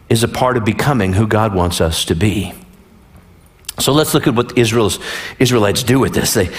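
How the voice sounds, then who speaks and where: A man preaching a sermon as a pastor in a conversational way, full of rhetorical questions and joking asides. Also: mid-range voice.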